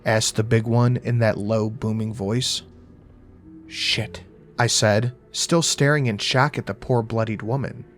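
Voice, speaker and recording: A man's voice: fairly low pitch, steady tone, normal speed, few pauses, soft background music. A man narrating a first-person horror story in a casual, profane, wry voice.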